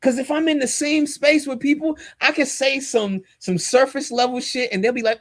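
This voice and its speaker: A man's voice: extremely high pitch, fairly even intonation, moderate pace, few pauses, dry recording, studio quality. A man, a pastor and podcast co-host, talking in a casual but preachy, emphatic and slangy way. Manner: emphatic and fired up, slangy and direct.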